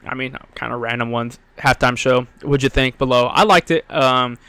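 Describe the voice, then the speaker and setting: A man's voice: medium pitch, moderate pace, pushed and bright, smooth, dry recording. Rambling young man on a podcast. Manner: rambling, frequent "um" and "I mean", self-correcting. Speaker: podcast host. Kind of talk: casual solo sports podcast talk.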